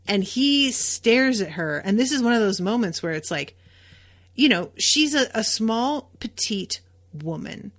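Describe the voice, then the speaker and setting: A woman's voice: mid-range voice, creaky, a bit bright. A woman hosting a podcast, recapping a TV episode in a casual, emphatic way, with lots of fillers and the odd swear word. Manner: chatty and emphatic, with frequent fillers and occasional swearing.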